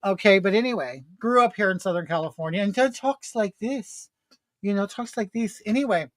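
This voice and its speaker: In a dry recording, a drag queen host with a high, expressive voice chats quickly and casually about makeup. He applies his makeup while dishing sarcastic gossip and reading viewers' comments aloud.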